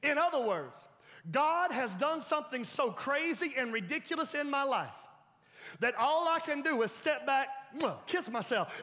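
Speaking at a moderate pace in an extremely high pitch, a man preaches as pastor, lively and often laughing, with the reverberant sound of a church hall around him.

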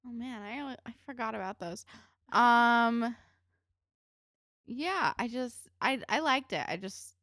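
A woman co-hosts a podcast, chatting about a TV episode in a casual, joking way. Her voice sits fairly high and swings up and down a lot. The recording is dry and close. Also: slow, long pauses, dry recording. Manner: chatty, animated, swears, laughs while talking. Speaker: podcast co-host. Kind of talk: casual chat recapping a TV episode.

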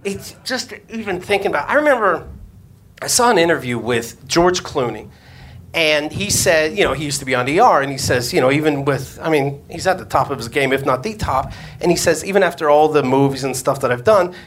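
A man's voice: on the high side, expressive, fairly quick, a bit bright, slight background noise. A man, a comedian and podcast host, telling a crude story on stage before a live audience and acting out the voices he quotes.

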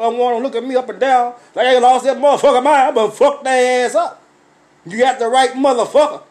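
A man with a high, lifted voice delivers a profane comic rant. He tells the story loudly and repeats himself, acting out his own confrontations as he goes. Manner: loud, repetitive, swearing storyteller who acts out confrontations.

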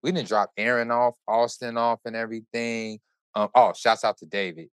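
A man hosting a podcast, telling a story in casual chat with animated, profane, run-on delivery. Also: medium pitch, normal speed, clear, resonant tone, no echo. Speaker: podcast host.

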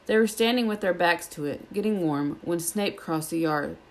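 A woman reads a children's novel aloud, keeping an even, steady storytelling pace. Her voice sits a little low for a woman. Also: moderate pace. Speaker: audiobook reader.

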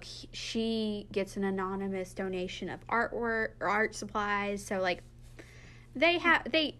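Woman co-host, casual book talk, lively quoted bits, mid pitch. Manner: animated, acts out quotes from the book. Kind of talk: casual chat, retelling book plots.

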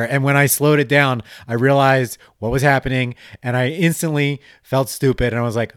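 A man's voice: mid-range voice, moderate pace, clean tone, no room sound. A young man with a Philadelphia-area accent tells a story on a podcast, often laughing at his own anecdote. His voice sits in a middle register. The recording is dry and close, with no room sound. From Delaware County, Pennsylvania. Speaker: podcast co-host. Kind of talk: casual podcast chat.

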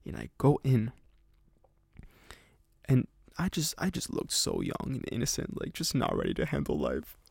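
A man's voice: medium pitch, huge pitch swings, normal speed, vocal fry, long pauses, a little mellow, slightly rough, no echo, clean studio sound. A man in his twenties casually telling a personal story on a podcast, rambling with lots of fillers. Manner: rambling, many fillers and restarts. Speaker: podcast host.

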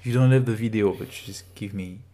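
A man's voice: lowish voice, fast, mellow. A man with a French accent co-hosting a casual podcast, teasing and joking, slipping French words into his talk. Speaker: podcast co-host. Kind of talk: casual chat.

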